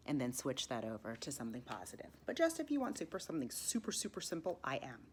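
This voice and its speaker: Low-voiced woman guiding meditation. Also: wildly swooping pitch, a little hiss or hum. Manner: slow counted breathing cues, drops to soft whispers. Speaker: meditation teacher. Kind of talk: guided meditation lesson.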